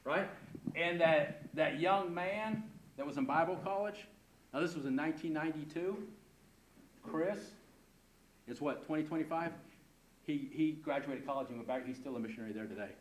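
An older man, a pastor and missionary, telling an animated, emphatic story about his travels and often repeating himself. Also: on the high side, normal speed, pauses often. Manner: lively, emphatic, repeats words and asks "right?". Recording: roomy with audible background noise.

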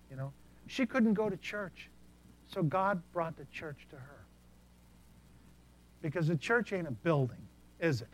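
A male preacher with a slightly higher voice than most men, telling stories from the pulpit. His delivery is animated, dropping to quiet asides and then rising into loud bursts. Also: unhurried, pauses often. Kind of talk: sermon storytelling.

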